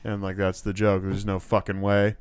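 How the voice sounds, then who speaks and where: A man's voice: fairly low pitch, completely flat delivery, normal speed, smooth, dry recording. A man in his twenties, co-hosting a podcast, telling a story in casual banter and laughing often. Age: 20s. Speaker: podcast co-host.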